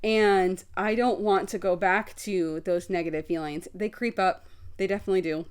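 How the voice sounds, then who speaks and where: A woman with a clear, resonant, mid-range voice runs her own video podcast, keeping her intonation fairly even at a moderate pace. She's candid and expressive about her life and swears casually.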